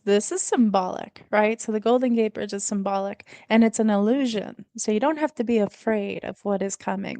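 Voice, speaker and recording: A woman's voice: medium pitch, darkish tone, no echo. A woman guest on a livestream talk show, explaining her ideas in a confident, casual way.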